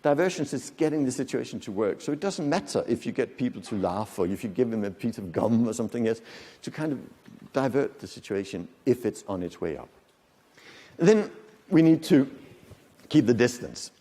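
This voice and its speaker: Lively male lecturer in a reverberant hall. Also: medium pitch, normal speed, slightly rough. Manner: lively, demonstrates voices, asks the audience questions. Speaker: conference speaker. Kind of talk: lecture to an audience. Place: conference hall.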